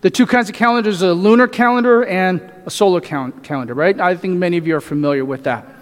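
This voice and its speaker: A man's voice: high voice, fast talker. A male pastor preaching a sermon, asking the congregation rhetorical questions and often adding "right?". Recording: echoey hall reverb.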